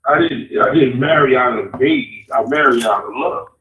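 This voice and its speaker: A man's voice: medium pitch, moderate pace, fairly bright tone, reverberant, poor audio. A man with a Chicago accent calling into a talk show, blunt and laid-back, swearing casually. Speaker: caller. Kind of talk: casual phone-in chat.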